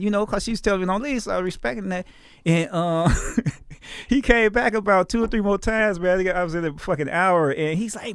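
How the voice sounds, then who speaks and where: A man's voice: high voice, animated, a little fast, clean tone, no echo. A man from Chicago, a comedian guest on a podcast, telling stories in a casual, profane, slangy way. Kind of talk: casual storytelling.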